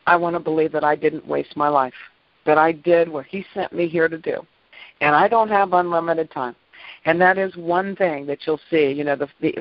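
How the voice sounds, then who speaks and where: A woman's voice: on the low side, dry recording. A middle-aged woman hosts a faith-based teaching series and tells personal stories in an emphatic, chatty way. She often repeats words and laughs between them. The recording is dull and lo-fi, with no room sound at all. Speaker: host of a weekly faith-based dream series. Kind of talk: personal storytelling in a devotional talk.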